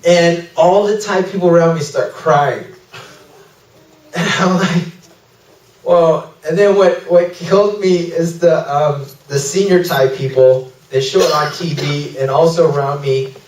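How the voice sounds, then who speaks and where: A man with a fairly high voice tells a testimony story in an animated way, laughing as he goes. He stands back from the microphone, and the room gives his words a roomy echo. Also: a little slow, far from the mic. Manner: animated storytelling, laughing through emotional moments. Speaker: missionary speaker. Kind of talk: testimony talk at a fellowship. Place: church fellowship hall. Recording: echoey room, speaker away from mic.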